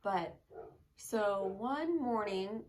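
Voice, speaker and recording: A woman in her thirties co-hosting a casual chat, telling animated stories and acting out her child's voice. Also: medium pitch, very slow, noisy background. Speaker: co-host.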